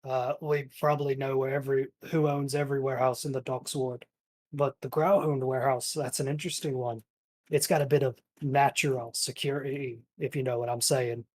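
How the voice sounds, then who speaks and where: A streetwise male guild contact with a put-on twang, voiced by a man. He talks in casual slang and sounds sly about what he knows. His pitch sits in the middle range. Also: flat delivery, a little fast, natural voice.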